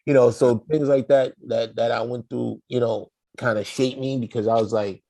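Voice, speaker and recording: A middle-aged man spins a story in slangy, lively talk and acts out the people in it. His voice has a gravelly fry at the edges. The sound is close and dry. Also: mid-range voice, normal speed, no room sound. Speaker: guest. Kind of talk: casual storytelling in an interview.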